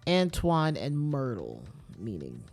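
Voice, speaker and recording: A man's voice: medium pitch, wildly swooping pitch, takes it slowly, darkish tone, faint music behind. A man streaming a mystery game, thinking aloud, restarting sentences and reading in-game letters aloud with small stumbles.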